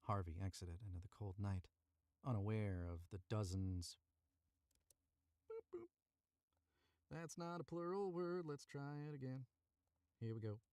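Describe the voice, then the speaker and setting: An unhurried man on the low side, darkish in tone, pauses often; the audio is studio quality with no room sound. He narrates a story on a live stream from a cramped booth, chatting to viewers and correcting himself through retakes.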